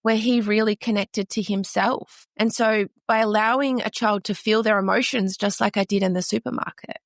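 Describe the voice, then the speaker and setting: Gravelly Australian woman telling stories. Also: mid-range voice, fairly even intonation, moderate pace, no echo, studio quality. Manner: earnest, storytelling, frequent restarts. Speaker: podcast guest. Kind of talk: conversational podcast interview.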